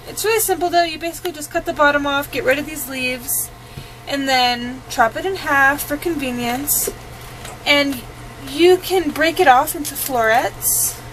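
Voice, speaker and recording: A woman's voice: high-pitched, background noise. A woman chatting casually through a home cooking tutorial, with plenty of ums. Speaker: home cook.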